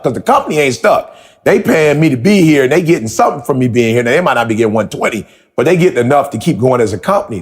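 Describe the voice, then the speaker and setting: A man's voice: on the high side, lively intonation, quick pace. A man hosting a motivational conversation, telling stories with emphatic repeated questions. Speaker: podcast host.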